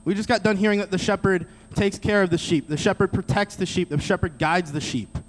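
A man's voice: high voice, a little fast. A man preaching a sermon in a direct, conversational way, speaking straight to the audience. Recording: long reverb of a large hall.

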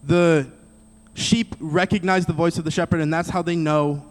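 A man's voice: fairly high pitch, fairly even intonation, moderate pace. A man preaching a sermon in a direct, conversational way, speaking straight to the audience. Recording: long reverb of a large hall.

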